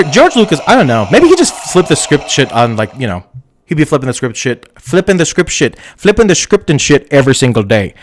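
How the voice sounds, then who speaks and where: Campy, giggly man hosting a live stream. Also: fairly high pitch. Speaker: host of a live stream show. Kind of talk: casual live-stream chat.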